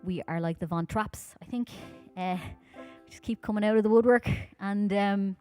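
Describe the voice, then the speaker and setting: A woman from Ireland with a Dublin accent, chatting quickly and informally with her audience between songs at a live-streamed concert. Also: mid-range voice, darkish tone, smooth, faint music behind. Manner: talks fast, chatty and informal, with many fillers.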